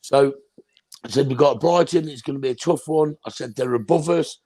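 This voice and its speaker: A man's voice: medium pitch, normal speed, mellow, no echo. A man chatting casually on a football fan show, joking and telling anecdotes.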